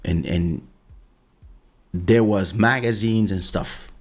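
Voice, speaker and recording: Podcast host, middle-aged man, low and gravelly, casual storyteller, faint music bed. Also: takes it slowly. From France. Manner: storytelling, repeats "listen" often. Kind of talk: casual monologue.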